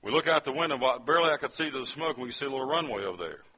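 A man's voice: medium pitch, animated, rapid-fire, bright, forceful tone, slightly rough. A man from West Virginia telling a testimony as a sermon, speaking straight to his listeners as he tells his story. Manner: storytelling, addresses the audience directly.

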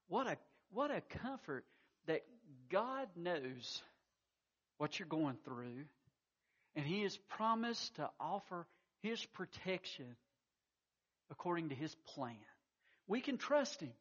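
A pastor preaching a sermon, telling stories in a folksy way with frequent stammered restarts. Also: male voice, high voice, a bit bright, slightly rough. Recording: muffled lo-fi recording.

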